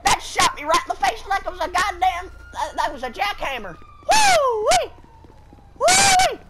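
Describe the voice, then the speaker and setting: A woman gamer talking loud, goofy and profane in online party chat, drawling "y'all" and "feller". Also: very high-pitched, lively intonation, brisk, very noisy. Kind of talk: rowdy party chat while gaming.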